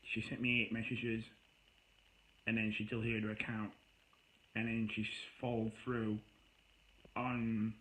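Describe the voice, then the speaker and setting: A man's voice: lowish voice, monotone, moderate pace, pauses often, bright, forceful tone, rough recording. A tired man telling a personal breakup story to camera, rambling and weary, breaking into angry bursts. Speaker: vlogger.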